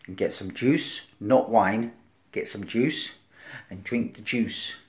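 Man preaching casually with loud bursts. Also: takes it slowly. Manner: conversational, keeps asking "right?", acts out crowd and Pilate; swings between loud emphasis and quiet low lines. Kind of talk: informal sermon.

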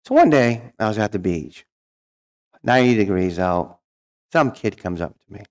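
A man's voice: lowish voice, lively intonation, normal speed, long pauses. A middle-aged man telling his life story as a guest speaker, folksy and humorous, acting out the voices of people he quotes. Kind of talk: storytelling testimony.

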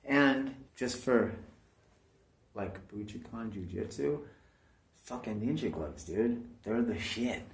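A man's voice: on the low side, animated, slow pace, long pauses. A man talking casually to his viewers in a rambling monologue, swearing often and calling everyone "dude". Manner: rambling, profane, keeps saying "dude". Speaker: vlogger.

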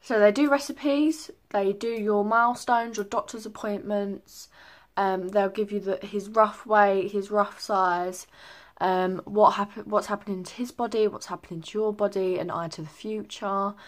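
A woman's voice: mid-range voice, fairly even intonation, moderate pace. A young woman chatting casually in a pregnancy update vlog, rambling with many ums. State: a little out of breath. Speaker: vlogger.

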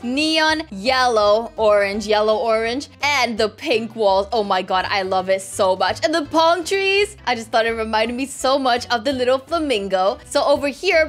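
A woman's voice: high voice, a bit bright. Bubbly young woman gushing over gameplay. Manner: bubbly, gushing, addresses viewers directly. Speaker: gaming video host. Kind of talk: upbeat gameplay commentary. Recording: faint background music.

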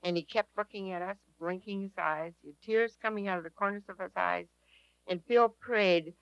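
A woman's voice: medium pitch, moderate pace, vocal fry, a bit bright, dry recording, rough recording. Earnest woman telling a testimony. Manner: earnest, emphatic, repeats key phrases. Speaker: speaker at a prayer teaching session. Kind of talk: testimony storytelling to an audience.

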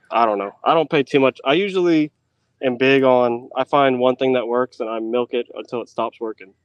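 Smooth-voiced easygoing male guest. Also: mid-range voice, dry recording, muffled recording. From United States. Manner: easygoing, hesitant, lots of ums and restarts. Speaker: podcast guest, tournament angler. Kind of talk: casual podcast chat.

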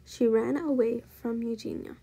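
A woman reads a children's storybook aloud with a gravelly, slightly husky voice. Her tone is mellow and dark, and she tells the story in a steady, gentle way. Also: on the high side, moderate pace, highs cut off. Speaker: storybook reader. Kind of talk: children's book read-aloud.

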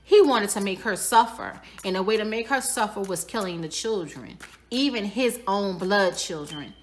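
A woman's voice: mid-range voice, normal speed, slight background noise. A woman giving a tarot reading for her viewers, speaking casually, speculating aloud and repeating her phrases. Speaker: tarot reader.

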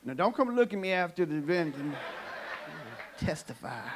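Guy telling jokes at church, high voice, bit of faint noise behind. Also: normal speed. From California. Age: adult. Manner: animated storytelling punchlines. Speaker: stand-up comedian. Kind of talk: church stand-up comedy set. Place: church sanctuary, live audience.

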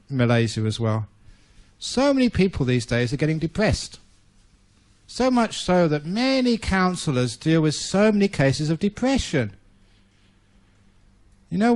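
A man, a Buddhist monk, giving a talk and telling a playful story in an animated way. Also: a little high.

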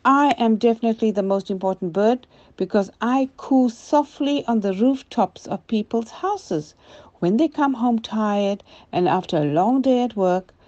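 An older woman voicing a gentle, proud dove in a storybook tale for children. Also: a little high, expressive, unhurried, lo-fi sound.

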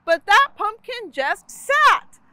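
A woman library storyteller reading a picture book aloud, expressive and full of sound effects. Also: very high-pitched, slow, background noise.

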